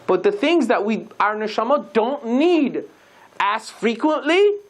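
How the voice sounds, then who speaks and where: A rabbi giving a sermon, telling a story and acting out the dialogue with lively shifts in voice. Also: male voice, very high-pitched, unhurried.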